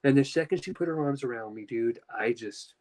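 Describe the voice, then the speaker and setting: A man's voice: mid-range voice, a little fast, a little mellow, low-quality recording. A young man telling a personal story in casual chat, emotional and rambling, with lots of fillers and restarts. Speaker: podcast host.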